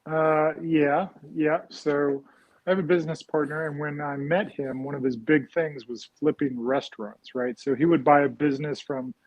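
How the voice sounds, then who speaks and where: A man's voice: fairly high pitch, steady tone, normal speed, dry recording, muffled recording. A man talking casually as an interview guest, rambling and often adding "right?" after his points. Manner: rambling, frequent "right?" tags and fillers. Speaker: guest real estate investor.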